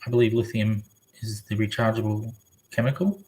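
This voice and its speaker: A man's voice: fairly low pitch, steady tone, moderate pace, a little mellow. A man chatting casually on a live stream, rambling and reading viewers' comments aloud. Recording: echoey room.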